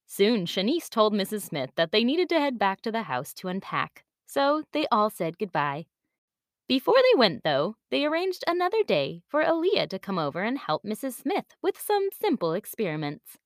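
A woman reading a children's story aloud with an expressive storybook cadence. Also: medium pitch, moderate pace, no room sound, clean studio sound.

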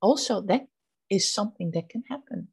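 A woman's voice: mid-range voice, animated, moderate pace, vocal fry, a little mellow, breathy edge, no room sound. A woman from the Netherlands co-hosting a podcast, easygoing and giggly in casual chat. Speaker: podcast co-host.

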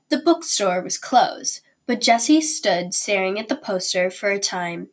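Teacher lady reading a kids chapter book out loud, slow and careful, mid pitch. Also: lively intonation, slight background noise.

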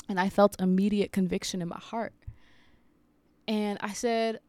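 A woman's voice: mid-range voice, steady tone, unhurried, a little mellow, smooth, dry recording. A woman in her thirties, a preacher, sharing an earnest, confessional story in a personal devotional talk. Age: 30s.

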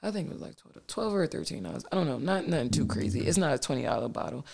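A woman in her thirties hosting a solo podcast from her dining room table at home, talking loudly and candidly with lots of filler and swearing. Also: low-pitched, animated, fast, creaky. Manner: loud and boisterous, candid, profane, filler-heavy. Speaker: podcast host. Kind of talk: casual solo podcast monologue.

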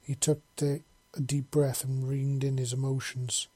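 A man's voice: mid-range voice, flat delivery, a little slow, mellow, slightly rough. A man reading a fan-fiction story aloud in a casual way, with frequent slips and restarts. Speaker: narrator.

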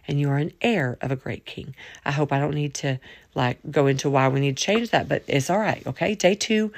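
Woman podcast host, lowish raspy voice, loose colloquial chat that hops around, dry close recording. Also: no room sound. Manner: chatty, jumps between topics, colloquial. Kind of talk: casual faith podcast monologue.

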